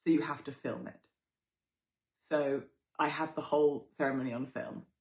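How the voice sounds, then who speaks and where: A woman's voice: sits low, normal speed. Chatty British woman with a roomy echo. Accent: British English. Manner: chatty and expressive, swears freely, jumps into exaggerated quoted voices. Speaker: podcast host. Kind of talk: casual storytelling.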